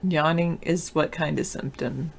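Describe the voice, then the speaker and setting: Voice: mid-range voice, fairly even intonation, a little slow, vocal fry, a little hiss or hum. A teacher hosting a political talk show, chatting in a loose, offhand and sleepy way while answering viewer comments. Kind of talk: casual chat, reading and answering viewer comments.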